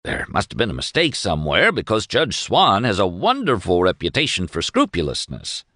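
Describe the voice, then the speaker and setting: A man's voice: low voice, huge pitch swings, moderate pace, sharp tone, dry recording, studio quality, full character voice. A man voicing a pompous, overly cordial young male lawyer with stiff, formal, senatorial speech in an audiobook reading.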